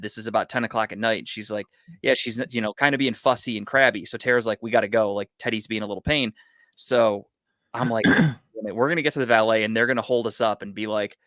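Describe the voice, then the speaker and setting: A man's voice: fairly low pitch, quick pace, no echo, clean studio sound. A man telling a long story on a casual podcast, swearing a lot and acting out what everyone said. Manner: profane, animated storyteller. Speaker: podcast co-host.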